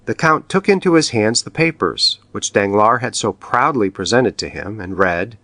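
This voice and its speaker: Man, audiobook narration, expressive, lively pitch, dry close sound. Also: normal speed, hardly any pauses, no echo. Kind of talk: scripted narration.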